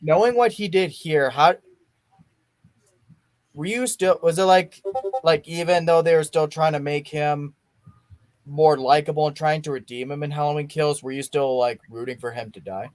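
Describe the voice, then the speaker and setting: Young man, casual movie chat, rambling and eager, somewhat high pitch, dry close sound. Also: normal speed, darkish tone, no echo, faint music behind. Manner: rambling, restarts often, enthusiastic. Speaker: podcast host. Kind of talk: casual watch-along chat.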